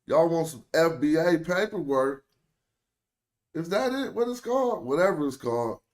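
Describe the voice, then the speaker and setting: Here a young man from the United States with an African American accent jokes around in loose slang while hosting his stream. He sounds animated and a little high-pitched, with a darkish tone and a moderate pace.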